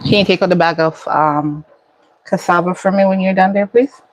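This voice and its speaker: A woman hosting a casual home cooking vlog, explaining each step in an unhurried way as she cooks in her kitchen. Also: fairly low pitch, fairly even intonation, slight background noise, low-quality recording. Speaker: cooking channel host.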